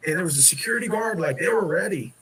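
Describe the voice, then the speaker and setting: A man's voice: high voice, lively intonation, fast, fairly bright tone, low-quality recording. A man casually telling a rambling, profane story about getting thrown out of a bar. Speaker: guest in a clip being reacted to.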